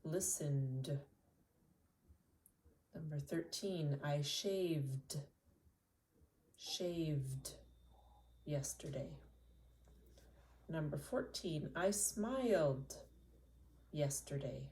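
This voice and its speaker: Low-voiced canadian lady english teacher, repeats each word slowly, kinda distant mic. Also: dark tone. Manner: slow, deliberate repetition of single words. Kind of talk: slow, clearly enunciated English lesson.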